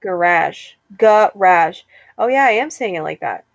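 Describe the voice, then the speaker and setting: A woman's voice: on the low side, very animated, normal speed, gravelly, a bit bright, no echo. Chatty, playful young woman. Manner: chatty, playful, laughs often. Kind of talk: casual chat.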